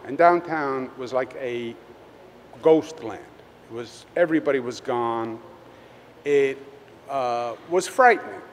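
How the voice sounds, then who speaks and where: A man with a Queens New York accent, a state governor giving a conversational public speech at a press event, halting with many fillers. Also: mid-range voice. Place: public event at a tunnel site. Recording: long reverb, faint background noise.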